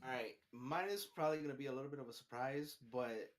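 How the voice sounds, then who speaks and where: A man in a relaxed sports conversation, explaining his choice bit by bit. He hesitates, restarts, and checks in with his listeners with quick tag questions. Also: medium pitch. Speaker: podcast co-host. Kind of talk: casual sports chat.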